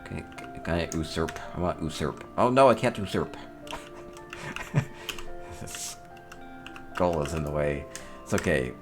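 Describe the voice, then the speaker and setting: Over background music, a man with an extremely low voice and lively intonation speaks unhurriedly, leaving long pauses. He's hosting a casual tour of player homes in a game, keeping the gameplay commentary upbeat while thinking aloud and chuckling softly.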